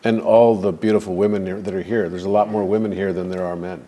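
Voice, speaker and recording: A man's voice: sits low, flat delivery, quick pace, few pauses, dark tone. A man casually telling stories and explaining ideas to a group, rambling with restarts.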